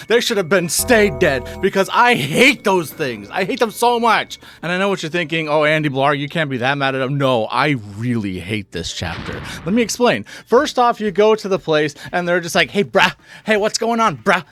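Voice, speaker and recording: A man hosting a comedic video game rant, exaggerated and indignant, swinging between loud outbursts and low mutters. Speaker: video game commentary host.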